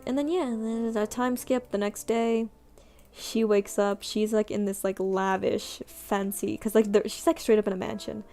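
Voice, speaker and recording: Drawing while she chats, a young woman streamer rambles in a self-deprecating way, filling gaps with many fillers. Her mid-range voice is fairly even in intonation at a moderate pace, and soft music plays in the background.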